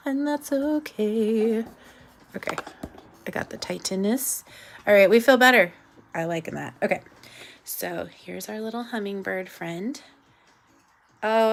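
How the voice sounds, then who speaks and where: A woman artist hosting her show, chatting casually and rambling with lots of fillers and quick laughs as she draws. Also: fairly low pitch, slight background noise. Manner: laughs often. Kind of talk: casual chat while drawing.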